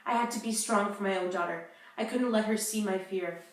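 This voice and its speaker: A young woman playing a grieving mother who survived a wartime roundup, telling it in a solemn, measured way. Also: mid-range voice, close to an everyday voice. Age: young adult. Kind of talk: school-project talk-show role-play. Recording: echoey room, distant mic.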